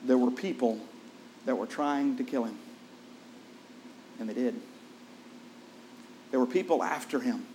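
A man preaching a sermon, retelling a scripture story with lively storytelling, asking the congregation questions, and dropping soft and low for solemn points. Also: a little slow, long pauses, a little hiss or hum.

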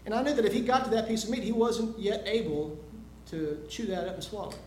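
A man preaching a sermon, moving from a homely told story to loud, emphatic preaching. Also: sits high, fast talker, roomy sound, slight background noise.

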